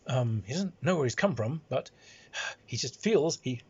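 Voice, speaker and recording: A man's voice: medium pitch, animated, normal speed, a little mellow, husky. A man who is a game master telling a game anecdote in a rambling way, with many fillers and chuckles. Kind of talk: anecdotal storytelling. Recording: dull lo-fi recording.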